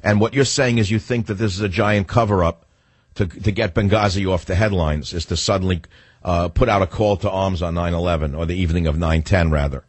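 Radio host guy, blunt and opinionated, lowish husky voice, dry studio sound. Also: fairly even intonation, a little fast, dry recording. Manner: blunt, opinionated, rambling with restarts. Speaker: radio talk show host. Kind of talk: political talk radio monologue. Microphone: studio microphone.

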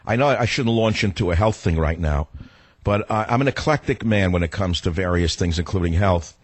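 A man hosting a talk radio show in a combative, ranting monologue, his voice rough from being sick and jumping high when he gets riled. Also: animated, fairly quick, dry recording.

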